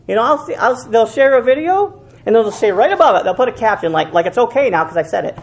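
A male pastor delivers a fervent sermon, his voice rising to loud, emphatic peaks and dropping to hushed lows. His pitch moves constantly and expressively, with words repeated for emphasis. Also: sing-song, fairly quick, gravelly. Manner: repeats and restarts phrases for emphasis.

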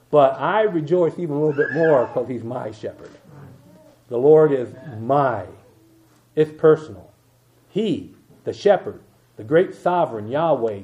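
An older man preaching an evening sermon, reading scripture slowly with emphasis and dropping into quiet asides. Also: fairly high pitch. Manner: reads King James verses slowly and with emphasis, asides in a dropped voice. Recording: dull lo-fi church recording.

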